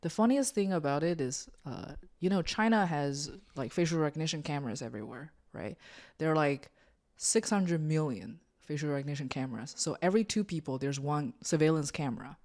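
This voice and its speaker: A woman's voice: low voice, fairly quick, a little mellow. A woman hosting a podcast, explaining things at length in a chatty way with lots of filler words. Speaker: podcast host. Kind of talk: casual podcast chat.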